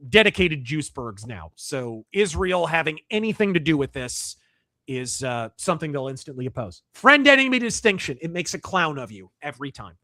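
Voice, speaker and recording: A man hosts a livestream, reading chat messages and articles aloud and responding in a blunt, profane, wry manner. His voice is a little high, bright and forceful, captured in clean studio sound with no room echo.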